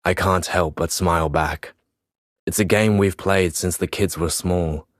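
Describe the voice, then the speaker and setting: A man narrates a first-person story in a weary, reflective way. His voice is very deep and unhurried. The recording is close and dry. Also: fairly even intonation, no room sound. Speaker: audiobook narrator.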